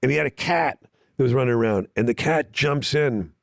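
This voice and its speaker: A man's voice: medium pitch, a little fast, vocal fry, dry recording, studio quality. A man from Canada, a podcast guest, chatting casually and telling rambling, self-mocking stories full of restarts. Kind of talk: casual chat. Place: podcast studio.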